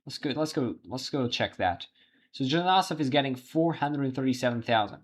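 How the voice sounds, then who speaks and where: A man hosting a livestream, giving live election results commentary while thinking aloud, halting with frequent restarts. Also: medium pitch, lively intonation. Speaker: livestream host.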